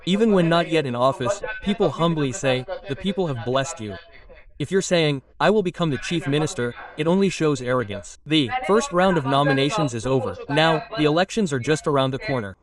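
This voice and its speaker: A man being interviewed about politics in a heated exchange. He argues back hard and challenges the questions. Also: fairly high pitch. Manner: combative, argumentative. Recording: distant mic with crowd noise. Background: crowd.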